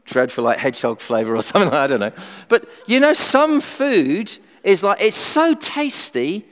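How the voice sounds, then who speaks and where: Middle-aged male preacher, animated and funny, big pitch swings, recorded with long hall reverb. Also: moderate pace. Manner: animated, humorous, acts out everyday voices. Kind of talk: sermon.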